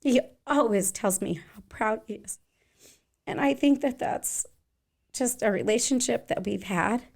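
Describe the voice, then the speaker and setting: A woman's voice: fairly high pitch, unhurried, gravelly, a little mellow. Chatty woman dance teacher in her forties. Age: 40s. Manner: chatty, rambling, many fillers. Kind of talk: casual interview chat.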